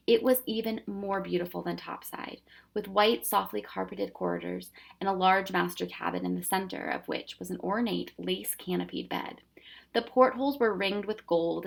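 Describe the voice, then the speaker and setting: A woman reading a children's novel aloud with steady, expressive storytelling. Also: fairly low pitch, gravelly. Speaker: storybook reader.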